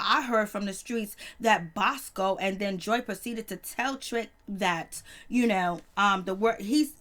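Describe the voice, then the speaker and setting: Woman, casual TV recap, chatty and laughing, fairly high voice. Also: fairly bright tone. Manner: chatty, laughing, exclaims "Lord have mercy". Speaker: show recap reviewer.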